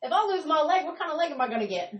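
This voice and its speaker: A woman telling stories in casual stand-up, loud and laughing, swearing freely. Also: sits high, very animated, rapid-fire, dull audio. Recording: echoey room from a distance.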